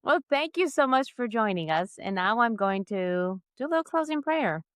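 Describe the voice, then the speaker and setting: A middle-aged woman co-hosting a podcast, speaking in a slow, measured, reflective way and leading a spoken closing prayer. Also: on the high side, very animated, fairly bright tone, no echo, studio quality. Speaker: podcast co-host.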